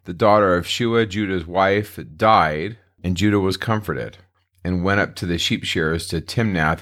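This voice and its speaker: Deep-voiced man teaching a Bible lesson. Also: fairly bright tone. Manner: conversational, retells scripture in plain modern words. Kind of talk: casual Bible study lecture.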